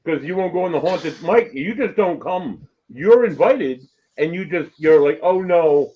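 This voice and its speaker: A man's voice: on the high side, animated, normal speed, highs cut off. A man co-hosting a casual chat about ghost hunting, teasing the host playfully. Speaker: paranormal investigator co-host.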